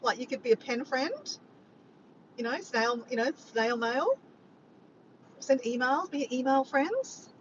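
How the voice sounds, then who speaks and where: A woman's voice: lively intonation, a little slow, pauses often. An Australian woman hosting a casual livestream, chatting and joking with viewers and reading out their messages. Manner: chatty, joking, reads chat messages aloud. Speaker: livestream host. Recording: dull lo-fi sound with faint rumble.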